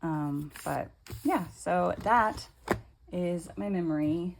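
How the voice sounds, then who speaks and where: A woman's voice: fairly low pitch, slow pace, vocal fry, noisy background. A woman in her thirties chatting casually at home as she flips through her planners, rambling with fillers and restarts. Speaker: planner vlogger.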